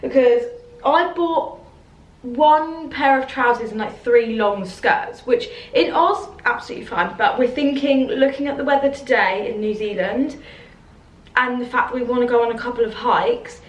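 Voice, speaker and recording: A young woman chatting casually in a travel vlog, bubbly and quick to laugh. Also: a little high. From United Kingdom. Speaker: travel vlogger. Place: hotel room. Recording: echoey room, faint background noise.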